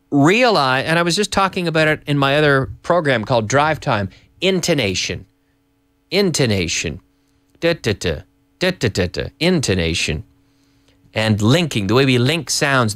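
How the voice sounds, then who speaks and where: A man's voice: mid-range voice, dry recording. A man teaching English in a live-streamed lesson, his voice rising and falling with lots of movement. He circles back and restarts phrases, mixing in bits of Spanish. The sound is close and dry, with little room around it. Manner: animated, repeats and restarts, slips in Spanish phrases. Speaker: English teacher and show host. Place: office with English classes.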